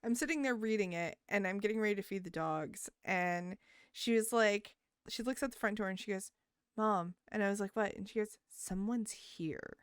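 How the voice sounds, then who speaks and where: A middle-aged woman hosting a casual podcast chat, telling lively stories and acting out what people said. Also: medium pitch, a little fast, smooth, no echo, clean studio sound. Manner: animated storyteller, acts out quotes. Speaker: podcast host.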